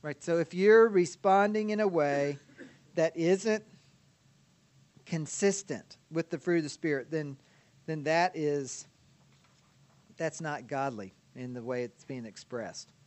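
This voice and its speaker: A man with a high voice gives a teaching lecture on counseling. He talks in a relaxed, conversational way and often checks in with his listeners. He laughs easily as he explains. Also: slow pace, long pauses. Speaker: counseling instructor.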